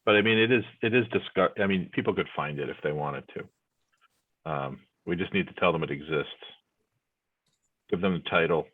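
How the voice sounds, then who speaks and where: A man with a very deep, husky voice talks in a meeting in a relaxed way, with dry jokes. His voice comes through a tinny, phone-like line. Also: moderate pace, pauses often. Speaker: committee member. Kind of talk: casual meeting discussion. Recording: tinny phone-like call audio.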